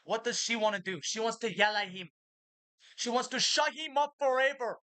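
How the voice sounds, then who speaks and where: Bright-voiced woman rambling to camera. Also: fairly high pitch, normal speed. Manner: talks about herself in the third person; blunt and profane. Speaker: vlogger. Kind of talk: rambling spoken monologue.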